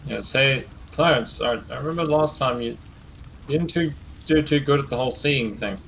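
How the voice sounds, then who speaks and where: Young male player, mid-pitched, laid-back and joking, faint noise. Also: normal speed, creaky, fairly bright tone, poor audio. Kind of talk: casual tabletop play.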